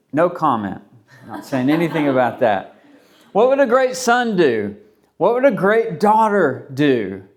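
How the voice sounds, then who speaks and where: Male pastor, slightly higher voice, chatty sermon delivery full of repeated questions. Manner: conversational, rambling with restarts and rhetorical questions.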